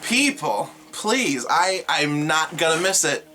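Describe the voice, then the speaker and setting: Young adult vlogger, bright tone, exasperated and sarcastic storytelling to camera. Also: medium pitch, very animated, slow pace, faint music behind.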